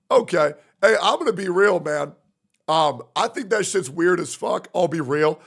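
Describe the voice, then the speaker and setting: High, gravelly streamer ranting. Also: male voice, animated, normal speed, a bit bright. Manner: profane, sarcastic, acts out mocking impressions. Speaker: livestreamer. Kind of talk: livestream rant.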